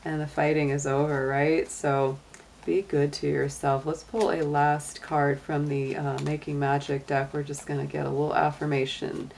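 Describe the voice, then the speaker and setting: Middle-aged woman doing a tarot reading, low gravelly voice, chatty and warm-hearted encouragement, lots of ums. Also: little pitch movement, moderate pace, slight background noise. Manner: chatty and encouraging, many fillers. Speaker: tarot and astrology reader. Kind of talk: casual tarot reading to camera.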